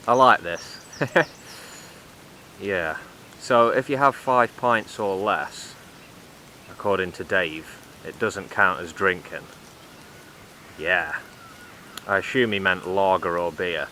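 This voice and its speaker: Man, sarcastic vlog commentary, deadpan, low voice, faint outdoor countryside noise. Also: slow pace, long pauses. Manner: dry, mocking, deadpan asides. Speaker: vlogger.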